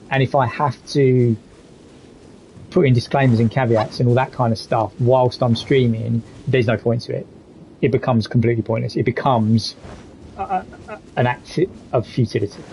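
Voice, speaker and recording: A man's voice: medium pitch, darkish tone, slight background noise, low-quality recording. A man live streaming a game, talking candidly and reflectively while reading chat messages aloud. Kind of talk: casual gaming stream commentary.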